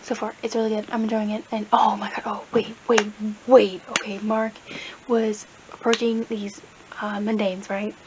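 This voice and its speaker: A woman's voice: mid-range voice, flat delivery, normal speed. A young woman rambling casually about her reading in a vlog, full of fillers, recorded on a camera mic. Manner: rambling, chatty, many fillers. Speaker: book vlogger. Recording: dull lo-fi camera audio with faint hiss.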